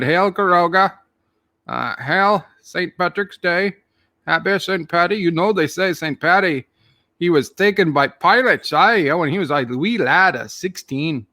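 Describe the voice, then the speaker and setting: A man's voice: a little high, a bit bright, no echo. A man voicing a jolly Irish leprechaun who rambles through tall tales, full of "aye" and "wee lad", with a put-on Irish accent. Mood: storytelling. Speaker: channel host. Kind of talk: comic character monologue.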